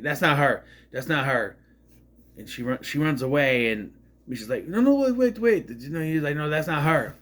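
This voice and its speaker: A man's voice: medium pitch, a bit bright. A man in his thirties giving a casual, rambling movie review, retelling scenes and acting out the characters' lines.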